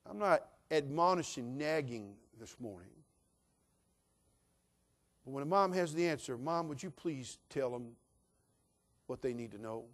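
A pastor preaching a sermon in a folksy, emphatic style, swinging between hushed asides and loud declarations. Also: male voice, mid-range voice, lively intonation, a little slow, pauses often.

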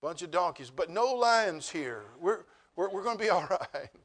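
A man preaching a sermon as pastor, moving from quiet, joking asides to loud, emphatic declarations. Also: high voice, expressive, normal speed. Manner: humorous, conversational storytelling.

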